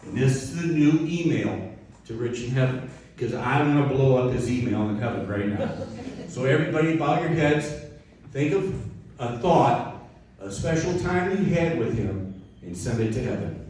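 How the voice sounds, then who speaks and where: A man's voice: medium pitch, animated, normal speed, a little mellow. A man giving an informal, heartfelt eulogy, chatting directly to the widow and the gathered crowd. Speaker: eulogy speaker. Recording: echoey hall from a distant mic, faint noise.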